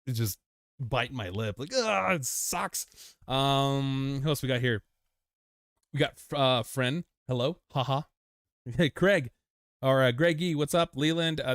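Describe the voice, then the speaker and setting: A man's voice: mid-range voice, no echo, studio quality. A young man hosting a crypto livestream, chatting casually with viewers and talking through charts with lots of fillers. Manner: chatty, reads out viewer names, frequent fillers.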